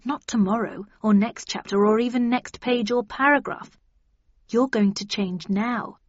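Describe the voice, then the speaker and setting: Calm bossy lady agent, as the reader does her, husky, kinda muffled sound. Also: a little high, unhurried, no room sound. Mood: firm. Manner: firm and coaxing. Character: brisk, level-headed woman book agent.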